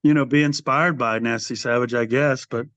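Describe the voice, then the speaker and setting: A man's voice: medium pitch, normal speed, no echo. An older man, a metal band's singer, telling rambling stories in a casual interview and acting out what others said. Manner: animated storyteller, acts out quoted voices. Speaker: guest, metal band singer. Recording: muffled dry podcast audio.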